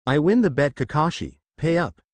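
A man's voice: fairly high pitch, very animated, moderate pace, dry recording, pitched above the performer's own voice. Smug old builder who loves a bet, read by a male narrator, dry close sound. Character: old man bridge builder, gleeful gambler.

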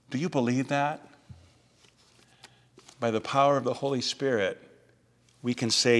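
A pastor preaching a sermon in a measured way, slowing and softening on key phrases. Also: male voice, mid-range voice. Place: church sanctuary. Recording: reverberant church sanctuary.

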